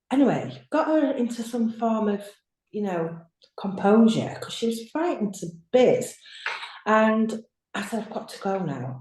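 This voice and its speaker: Woman, nurse guest. Chatty and animated storyteller, warm low-key tone, echoey video-call sound. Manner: lively, chatty, acts out her own quotes.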